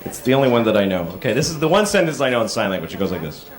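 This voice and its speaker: A man doing a stand-up comedy set, telling stories and acting out people in sudden high yelps. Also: sing-song, rapid-fire, noisy background. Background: audience laughter.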